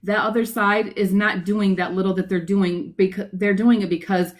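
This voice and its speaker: A woman's voice: medium pitch, fairly even intonation, normal speed, rough recording. A woman speaking as a guest on a livestream, emotional and encouraging, repeating words for emphasis.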